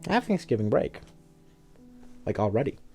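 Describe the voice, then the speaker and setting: A man's voice: on the low side, very animated, moderate pace, warm tone, soft background music. A young man streaming a story game, chatting with his viewers in a casual, joking way and swearing freely. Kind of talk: casual live-stream chat while playing a story game.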